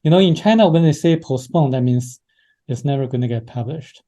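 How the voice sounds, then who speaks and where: A man recounting events in an interview, his tone deep, mellow and dark. He speaks haltingly, pausing on fillers and restarting his sentences as he goes. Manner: hesitant, many fillers and restarts. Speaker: interview guest. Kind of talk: casual interview storytelling.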